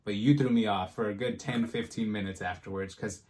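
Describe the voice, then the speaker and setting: Low-voiced man, animated storyteller. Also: a little fast. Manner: animated, acts out quotes in a storytelling style. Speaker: podcast host. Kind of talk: casual storytelling chat.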